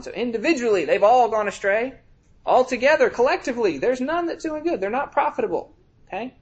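A man with a high-pitched voice preaches a sermon. His talk is conversational and he often checks in with the congregation. When he reads scripture, he slows right down and stretches out each phrase for emphasis. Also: big pitch swings, muffled recording. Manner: reads scripture aloud in slow, drawn-out emphasis.

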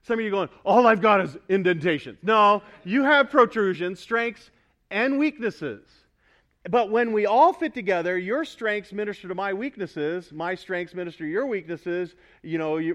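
A male pastor preaching a sermon to his congregation, emphatic, asking them for responses and building to loud pointed repetition. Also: high-pitched. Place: church sanctuary.

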